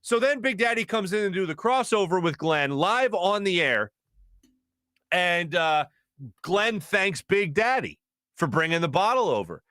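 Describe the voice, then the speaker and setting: A man hosting a sports talk show in a studio, telling a story in a lively way and laughing as he acts out what people said. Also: sits high, unhurried, no echo. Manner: animated, laughing as he acts out quotes. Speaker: host. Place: radio studio.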